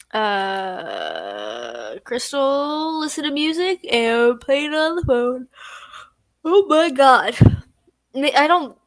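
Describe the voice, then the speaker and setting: A woman's voice: fairly high pitch, a bit bright, dry recording. A tired young woman chatting casually on a late-night livestream at home, yawning and drowsy. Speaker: streamer.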